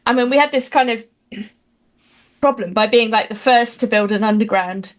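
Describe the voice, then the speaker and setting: Woman, fairly high pitch, dry wit, halting conversational guest. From Britain. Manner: dry, wry humor with many fillers and restarts. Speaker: guest commentator. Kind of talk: casual interview chat.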